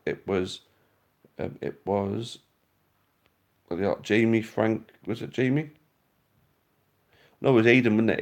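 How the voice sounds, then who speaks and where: A man's voice: lowish voice, a little mellow. A Welsh man hosting a casual live stream, answering viewer comments in a chatty, blunt way and restarting his sentences often. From Wales. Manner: rambling, answers viewer comments as he reads them aloud.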